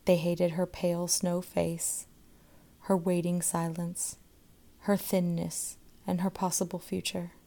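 Woman storyteller, unhurried and expressive, warm dark tone. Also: on the low side, creaky. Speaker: narrator. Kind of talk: scripted narration of a short story.

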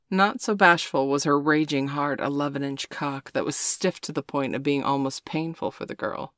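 Low-voiced woman reading a story. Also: moderate pace, hardly any pauses, a bit bright, no room sound, clean studio sound. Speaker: narrator. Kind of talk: scripted erotic story narration.

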